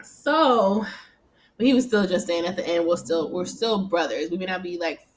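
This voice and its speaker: A woman casually recapping a TV episode at home, chatty and animated, often laughing and swearing as she quotes the characters. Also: fairly low pitch, normal speed, a little hiss or hum. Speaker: TV recap vlogger. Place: home room.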